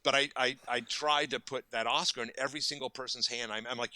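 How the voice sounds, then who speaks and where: A man's voice: mid-range voice, fairly quick, bright, forceful tone, clear, resonant tone, no echo. A man in his fifties, a makeup effects artist, telling stories casually in an interview and acting out quoted lines with bursts of energy.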